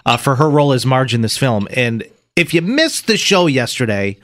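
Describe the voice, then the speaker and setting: A man's voice: medium pitch, moderate pace. A man cohosting a morning radio show, joking and reading copy in casual banter. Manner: animated, joking, reads copy aloud.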